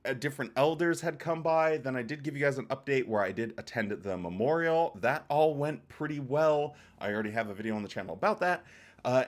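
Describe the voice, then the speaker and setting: A man hosting a casual livestream, greeting viewers in chat by name and chatting in a loose, rambling, joking way. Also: a little high. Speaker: livestream host.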